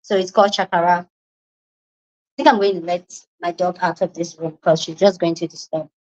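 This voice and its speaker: A woman from Nigeria, hosting a casual live-stream chat from a room at home and squealing and shouting when excited. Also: on the low side, brisk, muffled recording. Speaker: livestream host.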